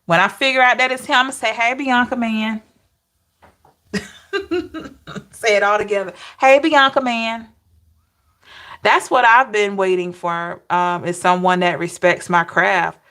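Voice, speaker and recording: A woman's voice: medium pitch, moderate pace, bright, forceful tone. A woman tarot reader chatting casually with viewers on a livestream, often laughing and reading out names from the chat.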